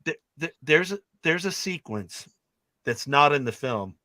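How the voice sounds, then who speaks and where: A man's voice: on the high side, lively intonation, unhurried, sharp tone, no echo. A man retelling film scenes in casual chat, acting out the characters' lines as he goes. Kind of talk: animated storytelling in casual chat.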